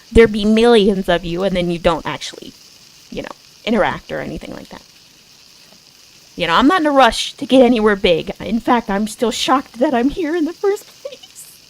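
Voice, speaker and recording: A young woman streaming as a VTuber, chatting casually and self-deprecatingly, giggling often and bursting into excited quoted asides. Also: mid-range voice, low-quality recording. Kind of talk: casual chat.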